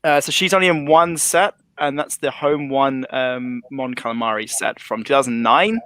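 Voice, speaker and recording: A man in casual conversation on a group livestream, talking in a relaxed, rambling way about his collection. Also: mid-range voice, moderate pace, no room sound. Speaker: livestream guest. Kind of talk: casual chat.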